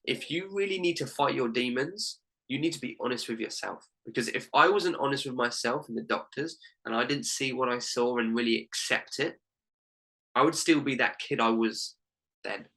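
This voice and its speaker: A man's voice: mid-range voice, moderate pace, creaky, sharp tone, low-quality recording. A young man, a life coach and podcast guest, telling a heartfelt personal story in an earnest way, full of "literally" and "like".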